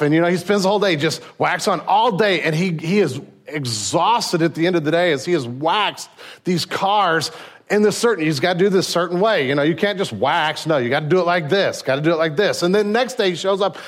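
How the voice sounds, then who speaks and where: A man preaching a sermon from a church sanctuary. His voice sits fairly high, and he tells stories animatedly, often restarting his sentences as he goes. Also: fairly quick. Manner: animated storytelling with frequent restarts. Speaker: pastor.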